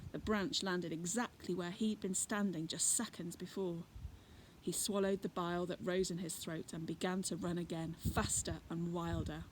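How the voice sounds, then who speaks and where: A woman's voice: lowish voice, steady tone, normal speed. A woman reading a children's adventure book aloud expressively, adding chatty asides. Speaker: reader. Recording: noisy recording.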